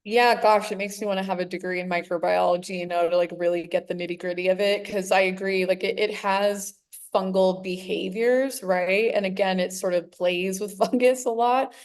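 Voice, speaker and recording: A woman's voice: mid-range voice, fairly even intonation, moderate pace. American woman explaining with enthusiasm. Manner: enthusiastic, explanatory, nerdy asides. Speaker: interview guest, clinician. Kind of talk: conversational expert explanation.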